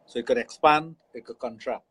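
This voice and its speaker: Trini guy on the radio, husky voice, frank and explainy, talks mid pitch. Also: brisk, a bit bright, low-quality recording. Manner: frank, explanatory, laughs easily. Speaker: radio show host, sexologist. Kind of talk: casual radio talk. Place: radio studio.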